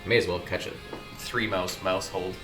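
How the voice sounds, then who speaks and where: A man's voice: low voice, fairly even intonation, normal speed, music in the background. A man streaming a game, chatting casually and joking while he plays. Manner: laid-back, joking, talks to himself while playing. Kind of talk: casual gaming chat.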